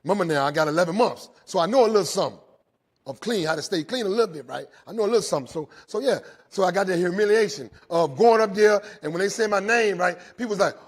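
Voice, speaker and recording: Husky-voiced man telling his recovery story. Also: high-pitched, lively intonation, fast. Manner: tags nearly every sentence with "right?"; earnest storytelling, repeats phrases. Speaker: recovery speaker. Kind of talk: personal recovery testimony. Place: speaking live to inmates inside a jail.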